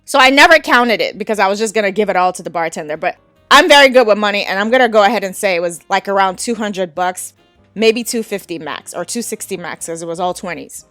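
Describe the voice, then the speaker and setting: A woman's voice: medium pitch, lively intonation, fast talker, bright, forceful tone, no room sound, faint music behind. Candid woman podcast host telling a story. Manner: candid, frank, laughs often. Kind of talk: casual storytelling.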